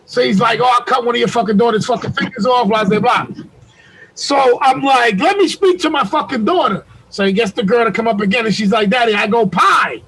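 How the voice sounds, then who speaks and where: A man on a video call telling a long, profane story, getting loud as he acts out the calls. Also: very high-pitched, a little fast, breathy edge, poor audio. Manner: profane, animated storytelling, shouts when reenacting. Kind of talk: casual chat.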